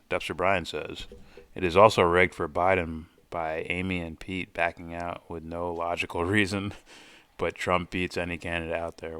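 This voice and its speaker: A man's voice: low voice, clean tone, no echo. A man hosting a live stream, casually reacting and reading viewer comments aloud with loose, profane asides. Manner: loose, profane, thinking out loud.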